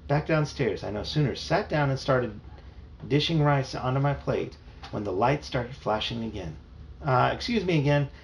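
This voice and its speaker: Reading a children's novel in a plain manner, a man speaks at normal speed in a mid-range, creaky voice, making a few small slips. It's a muffled home recording with faint hiss.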